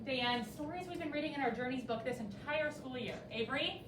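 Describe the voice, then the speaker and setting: A young woman with a high, fairly quick voice teaches a third grade reading lesson, questioning pupils in a lively, encouraging way. She's recorded from across an echoey classroom, with faint classroom ambience and background noise.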